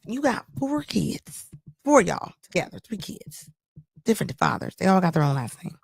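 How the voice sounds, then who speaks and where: Blunt woman host with a gravelly voice. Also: mid-range voice, very animated, a little fast, dry recording. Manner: blunt, scolding, repeats for emphasis. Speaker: commentary channel host. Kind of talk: reaction commentary on a live stream.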